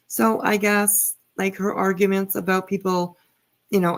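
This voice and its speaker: A woman's voice: medium pitch, vocal fry. A woman hosting a commentary channel, reacting to clips in a scornful, mocking way with many fillers.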